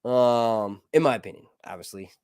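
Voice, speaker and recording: A man's voice: mid-range voice, normal speed, darkish tone, smooth, dry recording, clean studio sound. A man casually reviewing a TV show on a live stream, rambling and cracking crude jokes.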